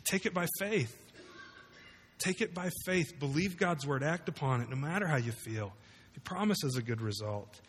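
Conversational preacher in a reverberant hall. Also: male voice, a little high, expressive, normal speed, a bit bright, slight background noise. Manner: conversational preaching with rhetorical questions. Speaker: pastor. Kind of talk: sermon. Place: large room with congregation.

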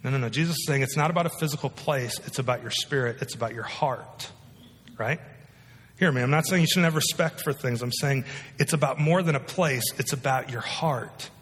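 A man's voice: mid-range voice, fairly quick, a bit bright. A male pastor preaching a sermon in a conversational way, often asking his listeners questions. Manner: conversational, asks the audience rhetorical questions. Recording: long reverb of a large hall.

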